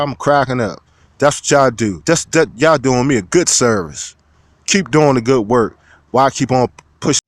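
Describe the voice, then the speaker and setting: Male vlog commentator, gravelly voice, close and dry, loud preachy rant. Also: mid-range voice, normal speed, dry recording. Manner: loud, profane, preachy address to viewers. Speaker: YouTube commentator.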